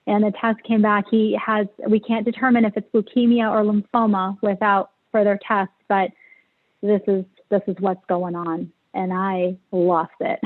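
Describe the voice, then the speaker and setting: A woman's voice: medium pitch, little pitch movement, normal speed. A woman guest telling a personal story in an interview, hesitant and emotional, with many fillers. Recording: tinny phone-like line.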